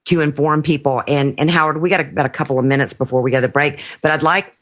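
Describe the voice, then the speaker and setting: A man's voice: on the high side, fairly even intonation, racing. A man hosting a talk radio show, speaking earnestly and emphatically to his guests.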